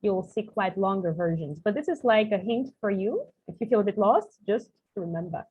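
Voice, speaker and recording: A woman's voice: mid-range voice, lively intonation, fairly quick. A woman with a Russian accent teaching an online English lesson, explaining with examples and many "like" fillers. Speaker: English tutor for coaches. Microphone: video call. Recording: husky voice over a tinny call line.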